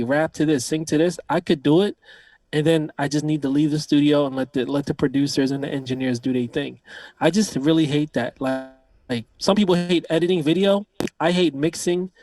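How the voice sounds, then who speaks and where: A man's voice: a little high, normal speed, darkish tone, no room sound. A man as a podcast guest, talking in a laid-back, chatty way about himself. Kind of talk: casual interview chat.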